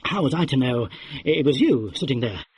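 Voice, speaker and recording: A man's voice: mid-range voice, lively intonation, moderate pace, darkish tone, husky, dry recording. A man voicing a blunt, lecturing young man in an audiobook reading. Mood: blunt, flustered. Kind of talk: audiobook character voice.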